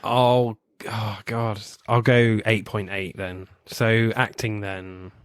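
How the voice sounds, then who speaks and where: Low voiced guy rambling about movies, laughs a lot, dry close mic. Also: little pitch movement, takes it slowly, clear, resonant tone, no echo. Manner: chatty, laughs often, swears casually. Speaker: podcast co-host. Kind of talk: casual film review chat.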